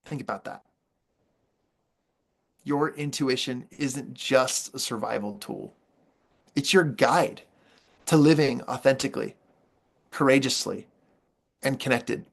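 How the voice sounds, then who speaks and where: A man's voice: mid-range voice, vocal fry. A man giving a motivational workshop training, upbeat and playful, with jokes and emphatic repetition.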